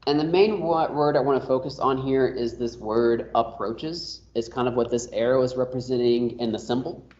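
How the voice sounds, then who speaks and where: A man's voice: mid-range voice, normal speed, a little mellow. A man teaching an online math class, explaining casually with lots of fillers. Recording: roomy, dull lo-fi audio.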